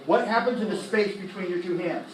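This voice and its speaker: A man teaching music theory in a classroom lecture, animated, firing quick questions at the students and tossing in slang. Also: high voice. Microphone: laptop recording the lecture. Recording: echoey classroom from a distance.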